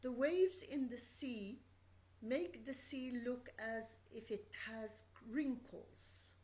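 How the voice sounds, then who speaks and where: Woman, literature lecturer, slow measured delivery, reads verse aloud, higher voice. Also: darkish tone, low-quality recording. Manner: slow, deliberate reading of verse. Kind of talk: recorded poetry lecture.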